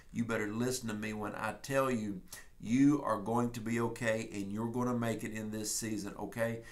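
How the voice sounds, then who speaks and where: A man with a Texan accent preaching a prophetic message in an emphatic, folksy way, sometimes telling stories. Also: mid-range voice. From Texas. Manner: folksy and emphatic, speeds up and slows down. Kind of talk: prophetic sermon, casual storytelling.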